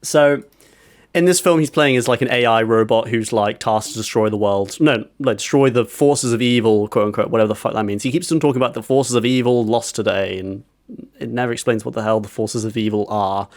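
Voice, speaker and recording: Man, podcast co-host, lively storytelling, average pitch, dry close sound. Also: a little fast, no echo. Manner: animated storytelling, acting out quotes. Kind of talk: casual chat.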